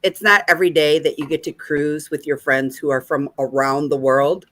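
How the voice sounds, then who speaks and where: A woman's voice: deep voice, fairly even intonation, moderate pace, fairly bright tone. A woman from Michigan, a guest on a casual chat, talking enthusiastically and giggling often. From Michigan, United States.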